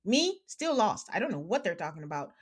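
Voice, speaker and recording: A woman podcast host recapping a reality show in casual chat, animated and exasperated, acting out quotes. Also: medium pitch, brisk, breathy edge.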